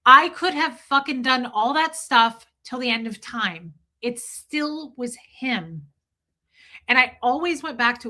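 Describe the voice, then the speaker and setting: A woman with a bright, forceful voice chats live with her viewers, candid and emphatic. She swears freely and speaks to people in the chat by name. Her voice sits a little above the middle in pitch. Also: animated, slow. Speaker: streamer talking to chat. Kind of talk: casual live-stream chat.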